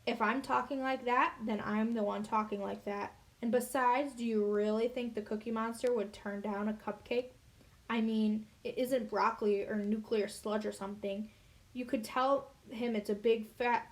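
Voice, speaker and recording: A hyper, goofy schoolboy, voiced by a woman reading a storybook, rambles on insistently. His voice sits a little high. He presses every point he makes. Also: fairly even intonation, normal speed, close to an everyday voice. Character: hyper, goofy schoolboy who gets intensely serious.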